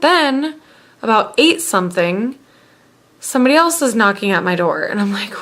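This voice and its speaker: A woman's voice: mid-range voice, sing-song, moderate pace, fairly bright tone. A young woman recounts her day in a loose, rambling way. Her talk is casual and full of fillers and restarts, as if to a friend. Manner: rambling, filler-heavy storytelling. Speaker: vlogger. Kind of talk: casual storytelling chat.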